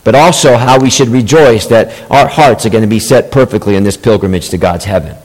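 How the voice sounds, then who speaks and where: A man's voice: lowish voice, a little fast, darkish tone. A man, a pastor, preaching a sermon and repeating key phrases for emphasis, sometimes with mock-sweet sarcasm. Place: church sanctuary. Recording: long reverb, large hall.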